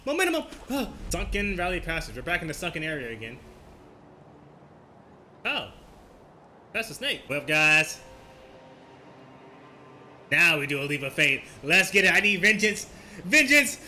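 A man giving excitable gameplay commentary, trash-talking and yelling at the enemies he fights. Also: a little high, unhurried, long pauses, a little hiss or hum. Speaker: gaming video host.

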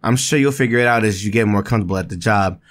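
A man reads aloud the lines of a friendly lab worker in a video game, who explains the gear. He uses a lower, flatter voice than his own natural one, talks rapid-fire, and keeps an explaining tone.

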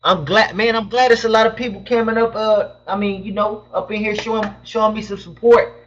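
A young man with a high voice hosts a casual live stream from home. He reads chat questions aloud and answers them in loose, slangy banter. His webcam mic sounds dull and lo-fi. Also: fairly even intonation, a little fast, a bit bright. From Southern California.

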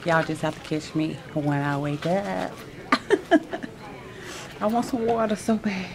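Nervous, chatty woman vlogging, lowish voice. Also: moderate pace, vocal fry, a crowd in the background. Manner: chatty, laughs often, slangy. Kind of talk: casual vlog chat to camera. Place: home, then a hospital pre-op room. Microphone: handheld camera.

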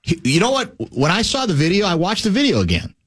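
A man's voice: high voice, wildly swooping pitch, fast, a bit bright, slight background noise. A male radio talk show host chatting casually in the studio, teasing and prodding his guest.

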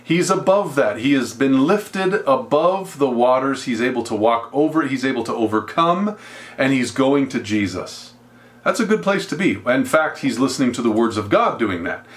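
A male pastor teaching a Bible passage, acting out its characters as he tells the story. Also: medium pitch.

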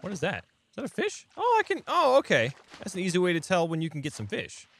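A man's voice: high-pitched, quick pace. A young man commenting on a game as he plays it, talking to viewers and yelping and laughing at surprises. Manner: excitable, talks to viewers, yelps and laughs at surprises. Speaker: gaming channel host. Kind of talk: let's play commentary.

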